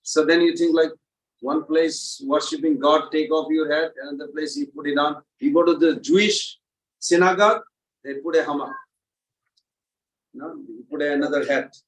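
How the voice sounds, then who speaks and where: Guy with a high voice teaching a temple class, lively, kinda far from the mic in an echoey room. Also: normal speed. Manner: animated, asks the audience questions. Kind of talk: devotional class lecture. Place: temple hall, indoors.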